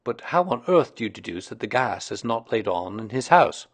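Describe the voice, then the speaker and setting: Male reader as a gentle, questioning Victorian doctor. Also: on the low side, very animated, normal speed, husky, exaggerated voice. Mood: skeptical. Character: mild, doubting Victorian male doctor companion.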